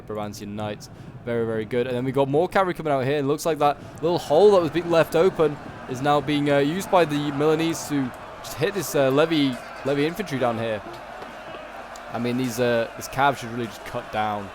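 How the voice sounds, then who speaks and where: A man's voice: medium pitch, noisy background. A man with a Yorkshire accent giving casual, rambling gameplay commentary, full of "like" and "um" and corrections. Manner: rambling, lots of "like" and "um", self-correcting. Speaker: game channel host.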